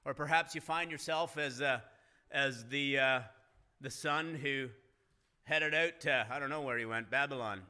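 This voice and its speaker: Bright-voiced male pastor preaching. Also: mid-range voice, a little slow, smooth. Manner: earnest preaching, rising emphasis in retold dialogue. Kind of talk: sermon. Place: church sanctuary.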